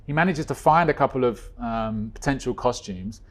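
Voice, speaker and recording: A man guest telling a story in a casual chat, animated, with quick swings in pitch and loudness. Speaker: guest, co-creator of a stage musical.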